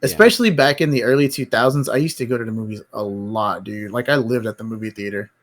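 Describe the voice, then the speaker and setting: A man's voice: mid-range voice, fast, a bit bright. A man hosting a live stream, chatting casually about movies, rambling and blunt, with plenty of swearing. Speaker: stream host. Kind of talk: casual chat.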